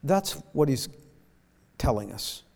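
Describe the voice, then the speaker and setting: Male pastor mid-sermon, unhurried and halting, echoing church hall. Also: medium pitch, sing-song, vocal fry, a little mellow. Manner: slow, halting with repeated words. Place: church sanctuary.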